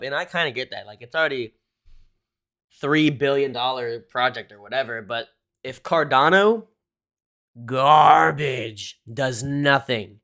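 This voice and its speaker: A man's voice: medium pitch, measured pace, sharp tone. Young guy streaming crypto charts, super casual, lots of dude and um, swears a bit, normal middle voice. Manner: casual, swears often, says "dude" and "um" a lot. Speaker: crypto livestream host. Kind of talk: casual livestream chart analysis.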